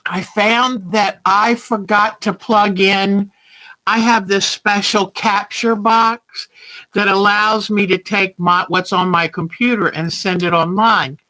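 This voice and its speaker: A woman's voice: medium pitch, steady tone, takes it slowly, bright, forceful tone, low-quality recording. A woman hosting a quilting livestream, chatting casually and greeting viewers by name as she rambles along.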